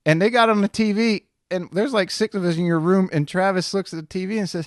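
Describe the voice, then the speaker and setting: A man hosting a podcast in a relaxed, chuckling way as he swaps old stories with his guest. His voice sits a bit high for a man, and the sound is dry and close. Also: fast talker, hardly any pauses, dry recording. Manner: easygoing, chuckling storyteller. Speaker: podcast host. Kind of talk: casual podcast conversation.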